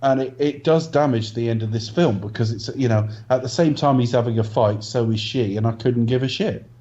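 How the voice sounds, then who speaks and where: A man's voice: mid-range voice, fairly quick, warm tone. A man co-hosting a casual film review podcast, giving blunt, dismissive opinions with the odd swear. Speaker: podcast co-host. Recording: dull lo-fi podcast audio.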